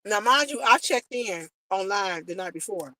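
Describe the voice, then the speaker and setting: Speaking straight to her audience, this married American woman retells a travel experience with feeling and animation, imitating the people involved. Her mid-range voice moves at a moderate pace, with no room sound and a rough recording.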